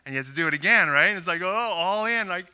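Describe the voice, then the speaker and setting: Bright-voiced animated pastor man. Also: high voice, fast. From Canada. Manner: animated, self-deprecating storytelling with rising excitement. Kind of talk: sermon.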